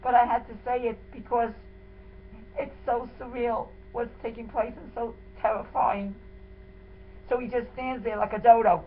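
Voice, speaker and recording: Here a wife recounts, in the first person, what happened to her and her husband, her telling emotional, indignant and dramatic. Her voice is a little high and level in tone, at a normal speed. There's a tinny, phone-like quality to the audio and a faint hiss underneath.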